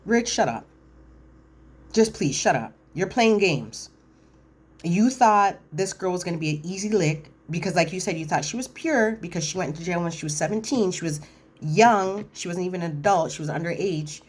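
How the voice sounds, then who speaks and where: A woman casually recapping a reality TV episode, chatty and animated, acting out cast members' lines and correcting herself as she goes. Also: lowish voice, normal speed, husky. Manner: animated, quotes cast members in voiced asides; chatty, frequent fillers and self-corrections.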